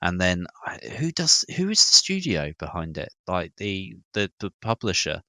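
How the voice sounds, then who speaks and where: A man's voice: deep voice, very animated, moderate pace, pushed and bright, no echo. A British man co-hosting a casual gaming podcast, chatty and a little hesitant, telling stories as he talks. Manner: chatty, hesitant with fillers, storytelling. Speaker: podcast co-host. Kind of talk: casual gaming news chat.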